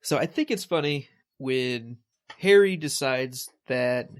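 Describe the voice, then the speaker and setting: A man's voice: mid-range voice, expressive, clean tone. Man co-hosting a book podcast, wry. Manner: wry, jokey, halting restarts. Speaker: podcast co-host. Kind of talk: casual book discussion.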